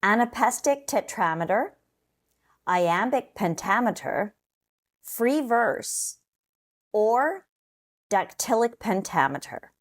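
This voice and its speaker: A woman narrating a scripted test-prep lesson in a slow, measured, explanatory way. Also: mid-range voice, big pitch swings.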